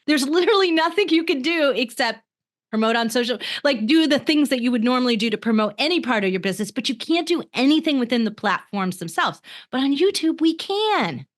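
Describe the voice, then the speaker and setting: A woman co-hosting a live podcast in a chatty, upbeat way. Her voice sits fairly high, and she laughs easily between her points. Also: sing-song, a little fast. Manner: enthusiastic, laughs often. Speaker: podcast co-host. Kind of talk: casual chat.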